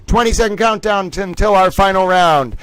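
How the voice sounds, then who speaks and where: A man's voice: high-pitched, a little fast, a bit bright, smooth, no room sound, low-quality recording. A man hosting a casual livestream, playful and jokey, switching between chat and game-show style trivia announcing. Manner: playful, jokey, self-mocking. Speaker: livestream host.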